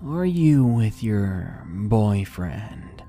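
A man doing a low, creepy leering stranger. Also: big pitch swings, extremely slow, mellow, faint music behind, exaggerated voice.

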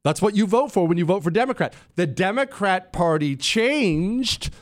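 A man's voice: high-pitched, animated, normal speed. Emphatic male talk radio host. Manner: conversational, emphatic, talks to listeners and producers. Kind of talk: political talk radio monologue.

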